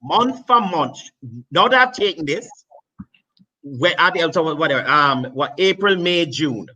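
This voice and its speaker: A man's voice: on the high side, animated, moderate pace, pushed and bright, highs cut off. A man with a Jamaican accent giving emphatic, repetitive advice on business loans as a finance guest. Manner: emphatic, repeats key points.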